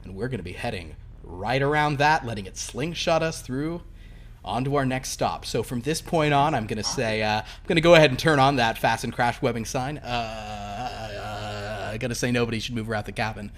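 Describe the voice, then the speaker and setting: A man's voice: medium pitch, normal speed, fairly bright tone, natural voice. A man voicing a casual male starship captain making intercom announcements. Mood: announcing.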